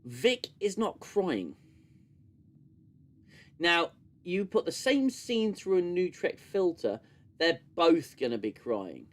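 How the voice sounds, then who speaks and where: A man hosting a casual live discussion stream, talking in long animated runs and sometimes mimicking gushing voices. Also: a little high, slow pace. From United Kingdom. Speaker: podcast host.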